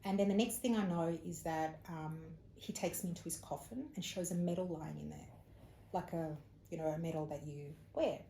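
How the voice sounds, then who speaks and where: A gravelly, low-pitched woman speaks at a normal speed. She's an Australian psychic medium being interviewed, casually recounting a personal story with animation and acting out the people she quotes. The room is echoey, with faint ambient noise.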